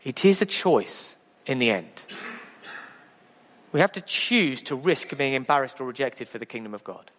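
A man preaching a sermon as pastor, lively and humorous, asking the congregation rhetorical questions. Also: medium pitch, normal speed. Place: church. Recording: echoey church hall.

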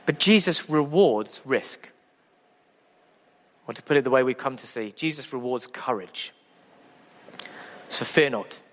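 Rousing preacher in an echoing church. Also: male voice, medium pitch, a little slow, long pauses. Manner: lively, humorous, rousing, with rhetorical questions. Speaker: pastor. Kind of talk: sermon. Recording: echoey church hall.

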